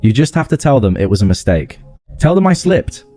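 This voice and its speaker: A man's voice: medium pitch, big pitch swings, a little fast, dark tone. A man voicing a frightened young woman who pleads and stammers on a jail phone call. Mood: pleading.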